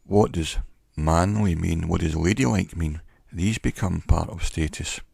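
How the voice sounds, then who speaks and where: Very deep, slow, gravelly male teacher. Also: a little mellow, no echo, clean studio sound. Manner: measured, reflective, pausing often between phrases. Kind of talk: educational monologue.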